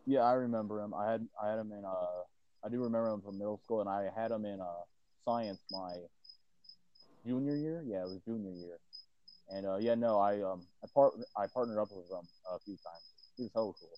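Low-voiced man, dull lo-fi audio. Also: fairly quick, a little hiss or hum. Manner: easygoing, hesitant restarts. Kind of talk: casual chat.

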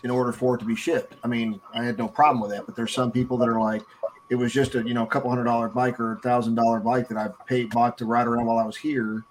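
Fast-talking american guy on a podcast, keeps saying i mean, faint hiss. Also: medium pitch, level tone, rough recording. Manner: hedging, lots of "I mean". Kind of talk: casual group chat.

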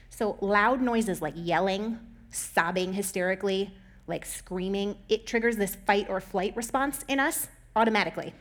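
A young adult woman talking casually as a host, chatty and full of "like" fillers, often laughing between points. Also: medium pitch. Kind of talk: casual chat.

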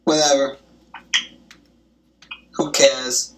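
A young woman talking on the phone with her grandmother, animated and gossipy, swearing often. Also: a bass voice, drawn-out words, noisy background. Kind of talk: casual phone chat. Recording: roomy echo, distant from the mic.

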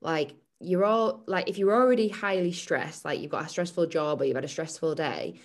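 A woman's voice: low voice, normal speed. A woman co-hosting a casual fitness chat, telling stories and laughing often. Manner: chatty storytelling, laughs often. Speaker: podcast co-host and fitness coach.

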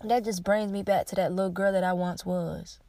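A woman's voice: mid-range voice, fairly even intonation, normal speed, warm tone, slight background noise. A young woman vlogger giving a heartfelt personal confession to camera, often repeating phrases and restarting her sentences.

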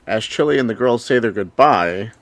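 A man hosts a casual podcast, talking through a plot recap in a relaxed, filler-laden way. His voice sits at a middling pitch and is recorded dry, with almost no room sound. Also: moderate pace, dry recording. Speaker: podcast host.

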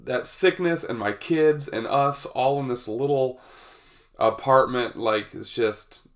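A man, hosting a casual solo podcast, a bit congested from a cold, chatty and laughing often. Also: fairly low pitch. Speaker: podcast host.

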